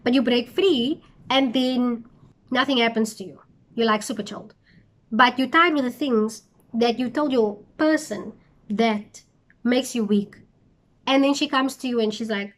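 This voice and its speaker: A woman's voice: on the high side, measured pace. A young woman retelling a Bible story for her channel, with chatty, incredulous asides.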